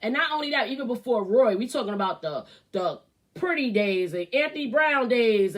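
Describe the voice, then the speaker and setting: A woman hosting her own show, giving blunt, profane and heated commentary on celebrity gossip. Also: a little high. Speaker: host. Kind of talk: ranting commentary.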